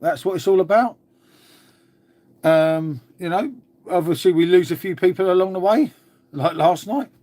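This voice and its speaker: A man's voice: high-pitched, moderate pace, pauses often, dark tone. An English man chatting casually on a live stream, answering viewer comments in a laid-back way and calling everyone mate.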